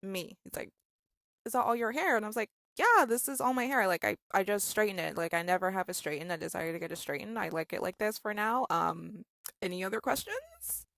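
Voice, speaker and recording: A young woman tells a story straight to camera, casual and sarcastic, with many "like"s and "okay?"s. Her voice sits at an ordinary pitch for a woman. The recording is close and dry, with no room sound. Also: expressive, a little fast, gravelly, a bit bright, no echo. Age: 20s. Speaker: storytime vlogger.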